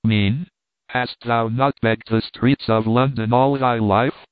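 A man's voice: mid-range voice, steady tone, slow, no room sound, close to an everyday voice. A man reading the part of a scheming, mocking young vagabond thief. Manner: bullying, scoffing. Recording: dry, phone-like narrow sound.

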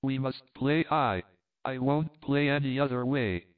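A man voicing an excitable young man who talks in a childishly eager, exclamatory way. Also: mid-range voice, unhurried, close to an everyday voice. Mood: excited. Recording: tinny phone-like sound.

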